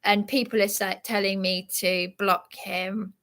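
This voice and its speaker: Slow, bright-voiced flustered woman. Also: medium pitch, flat delivery. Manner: flustered, agitated, apologetic. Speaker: live streamer. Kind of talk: rambling live-stream chat.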